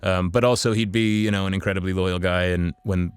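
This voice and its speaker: A man's voice: low voice, steady tone, brisk, clean tone. A man raised in the USA and Ireland, a voice actor talking casually in an interview, chatty with lots of fillers. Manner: chatty, many fillers, laughs easily. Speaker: voice actor guest.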